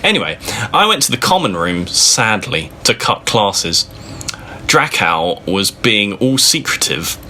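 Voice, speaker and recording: Man, comic reading aloud, sarcastic asides, bright voice, very lively pitch, slow delivery. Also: a little hiss or hum. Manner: amused, sarcastic, swearing freely. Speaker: reader of a fan fiction. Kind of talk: comedic dramatic reading with mocking asides.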